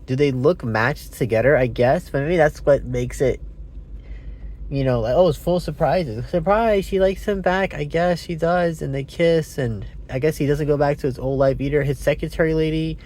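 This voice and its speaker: A man's voice: fairly high pitch, moderate pace, darkish tone. A man giving a casual, rambling movie review, meandering with fillers and self-corrections, sounding sleepy. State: sleepy, yawning.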